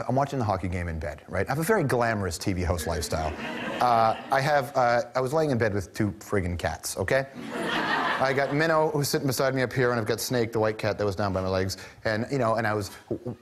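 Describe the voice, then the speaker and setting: A man hosting a TV talk show, telling a comic story about himself in an animated, self-mocking way with quick asides. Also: lowish voice, a little hiss or hum.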